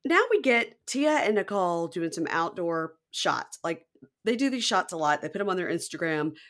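A woman's voice: lowish voice, normal speed. A woman podcast host recapping a reality show in casual chat, acting out quotes. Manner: animated retelling, acting out quotes.

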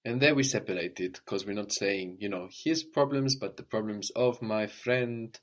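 A man with a somewhat low voice leads a language lesson. He explains each point patiently, then says phrases for his student to repeat. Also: moderate pace. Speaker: language teacher.

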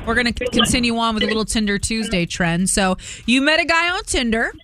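A woman's voice: fairly high pitch, lively intonation, fast, pushed and bright, no room sound. A woman hosting a radio show in a studio, chatting casually and taking calls. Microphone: studio mic.

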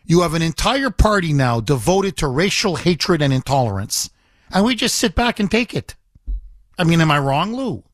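A man's voice: fairly high pitch, big pitch swings, normal speed, no room sound, clean studio sound. A man hosting a talk radio show, talking emphatically and indignantly and repeating himself for emphasis.

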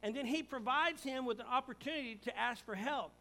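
A man preaching a sermon as pastor, swinging from quiet reflection to emphatic, rising declarations and acted-out quotes. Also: extremely high pitch, a little fast, poor audio.

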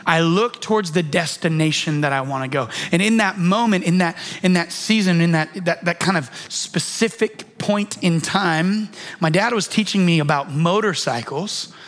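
A man's voice: high voice, normal speed, a bit bright. A man in his thirties preaching a sermon, telling a childhood story in a conversational way and acting out the lines of the people in it. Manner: conversational, restarts and fillers, acts out quoted lines. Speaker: pastor.

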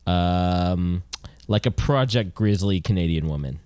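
A man's voice: sits low, measured pace, darkish tone, clean tone, no room sound. A man co-hosting a podcast, talking casually in a dry, hesitant way with many fillers. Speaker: podcast co-host.

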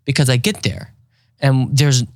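A man's voice: medium pitch, a little slow, dry recording, studio quality. A man in casual chat, telling a funny story and acting out the voices of the people in it. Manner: animated, acts out voices of others in his stories.

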